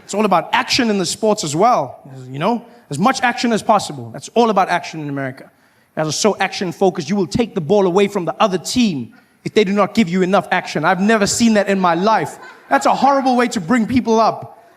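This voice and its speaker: A stand-up comedian with a fairly high voice tells his stories in an animated, lively way. He keeps slipping into acted-out voices, and faint noise hums underneath. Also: brisk.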